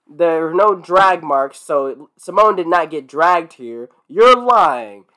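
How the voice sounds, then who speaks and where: A man's voice: a little high, animated, takes it slowly, pushed and bright, full character voice. A man putting on the voice of a young woman sleuth, clipped and indignant as he recaps a cartoon. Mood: accusing.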